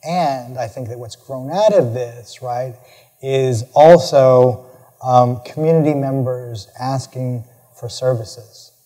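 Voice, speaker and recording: A man's voice: medium pitch, slow, mellow. A male professor answers audience questions at a lecture. He speaks earnestly, repeating words and adding lots of "right?" tags. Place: large lecture hall. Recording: reverberant lecture hall.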